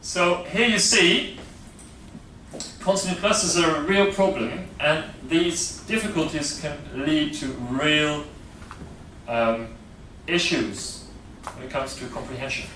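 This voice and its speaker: A man's voice: fairly high pitch, slow pace, pushed and bright, a little hiss or hum. A man with a Dutch accent giving a classroom lecture on phonetics, explaining step by step with many fillers and frequent checks of "yeah?". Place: lecture room. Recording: echoey lecture room from a distance.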